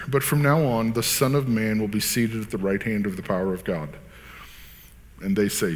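A man's voice: on the low side, fairly even intonation, moderate pace, long reverb tail. A man reading scripture aloud, then preaching in an earnest, conversational way with casual fillers. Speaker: pastor.

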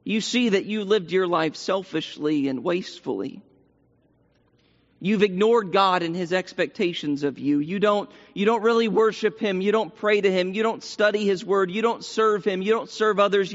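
A high-pitched man delivers an earnest sermon, circling back over his words to drive them home. His voice carries a long hall echo from the church sanctuary, and the sound is dull and lo-fi. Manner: earnest, repeats phrases for emphasis. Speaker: preacher.

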